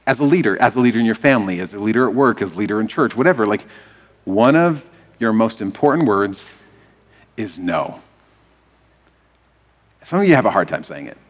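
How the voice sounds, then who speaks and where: A man preaching a sermon as pastor, animated and leading the congregation in call and response. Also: on the low side, a little fast, pauses often, in a large hall.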